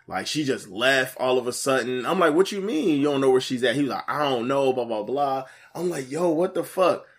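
A man's voice: mid-range voice, brisk. Slangy man telling a wild story. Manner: animated, slangy, acts out quotes in a raised voice. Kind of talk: casual chat, telling a story.

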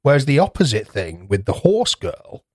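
A man's voice: medium pitch, sing-song, normal speed, no echo, clean studio sound. A man co-hosting a casual podcast chat, swearing freely and acting out kids' voices in rambling stories. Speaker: podcast co-host.

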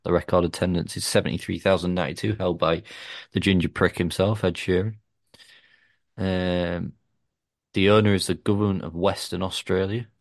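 A man's voice: sits low, little pitch movement, normal speed, dry recording, clean studio sound. A man hosting a podcast, chatting casually and joking about wrestling. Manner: jokey, banters about wrestling. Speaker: podcast host. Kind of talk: casual chat.

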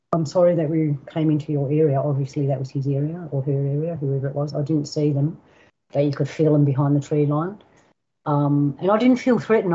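A woman's voice: deep voice, warm tone, slightly rough. An older Australian woman with an Australian accent, a guest telling personal stories vividly, acting out sounds and quoting voices. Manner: vivid storyteller, acts out sounds and quotes. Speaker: guest elder. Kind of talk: personal storytelling. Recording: dull lo-fi recording.

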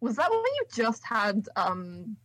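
A woman's voice: a little high, huge pitch swings, slow pace, fairly bright tone, dry recording, poor audio. A woman co-hosting a podcast in casual chat, joking and teasing, swearing now and then. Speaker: podcast co-host.

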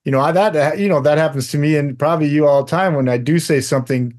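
A man co-hosting a faith podcast, talking in a relaxed, emphatic way and laughing often. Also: on the high side, fast talker. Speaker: podcast co-host. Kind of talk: casual faith discussion.

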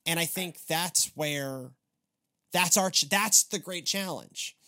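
A man hosting a church podcast in casual chat, rambling with restarts and animated asides. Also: on the high side, slow pace. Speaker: podcast host.

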